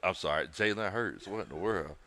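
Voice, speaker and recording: A man's voice: low-pitched, animated, a little fast, bright, forceful tone. A man, co-hosting a live watch-party stream and calling the plays in a chatty way, laughing often and stumbling over names. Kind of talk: live play-by-play commentary on a stream.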